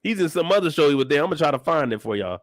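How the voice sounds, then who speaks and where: A young man hosting a reaction video, loud and joking with plenty of swearing. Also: fairly high pitch, racing, dry recording, studio quality. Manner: loud, animated, joking, profane, breaks into laughter. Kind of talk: reaction commentary.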